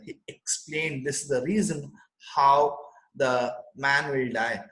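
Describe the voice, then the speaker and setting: A man teaching, reading a story line by line and explaining it in simple English, with an animated delivery. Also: mid-range voice, slow, reverberant, low-quality recording. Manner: animated, reads text aloud then explains in simple English. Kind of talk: line-by-line literature lesson.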